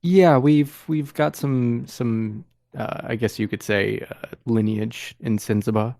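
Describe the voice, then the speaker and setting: A man with a gravelly voice speaking slowly as a player in a tabletop role-play. He is laid-back and hesitant, and the sound is dry and close with no room. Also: medium pitch, steady tone, warm tone, no echo.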